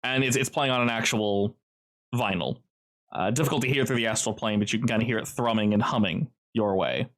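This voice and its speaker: A man's voice: fairly low pitch, fairly quick. A man narrating a tabletop role-playing game as game master, loose and descriptive. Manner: descriptive, relaxed, loose phrasing.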